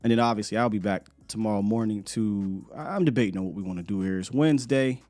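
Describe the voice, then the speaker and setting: A man hosting a live morning sports show, talking in an animated, rambling way and laughing often. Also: on the low side, quick pace, faint music behind. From United States.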